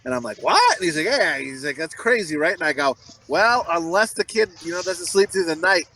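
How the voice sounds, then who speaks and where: Podcast co-host, man, high and bright, crude jokey banter. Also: expressive, brisk, rough recording. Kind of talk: casual chat.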